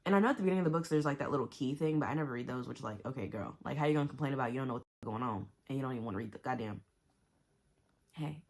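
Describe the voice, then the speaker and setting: Low-voiced woman ranting about books. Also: rapid-fire. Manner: animated, blunt and profane, with exaggerated reactions; talks to herself and the viewers with slang. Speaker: book vlogger. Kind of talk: casual book review chat.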